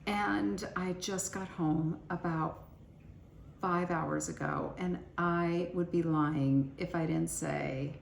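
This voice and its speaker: A middle-aged woman vlogging about beauty finds, rambling and joking at her own expense while tired and cranky from travel. Her voice sits a little low, and the room gives it a noticeable echo with a faint hum of background noise. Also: steady tone, takes it slowly, gravelly. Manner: chatty, rambling, self-deprecating. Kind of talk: casual chat to camera.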